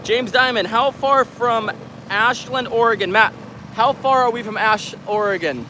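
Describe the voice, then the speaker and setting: Speaking at a measured pace in an extremely high, pushed, bright voice, a man from the U.S. hosts a casual live stream outdoors. He jokes and laughs as he reads viewer comments, captured on a handheld camera mic with slight background noise.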